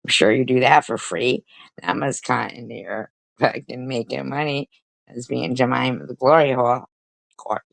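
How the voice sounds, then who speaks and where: A woman's voice: a bass voice, normal speed, vocal fry, no echo. A woman streamer giving mocking reaction commentary, crude and profane, laughing at her own jokes.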